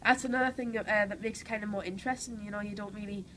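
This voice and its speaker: A woman's voice: medium pitch, steady tone, fast talker, fairly bright tone, slight background noise, poor audio. A young woman with a Geordie accent, who has a cold, chatting enthusiastically as an actress in an interview, full of "like" and "you know". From Newcastle, England. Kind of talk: casual interview answers.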